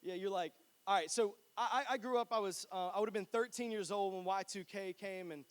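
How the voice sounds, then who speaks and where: High-voiced young man preaching a sermon. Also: fairly quick, clear, resonant tone. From North Carolina. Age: 20s. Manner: chatty, joking, animated storytelling. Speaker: pastor. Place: church.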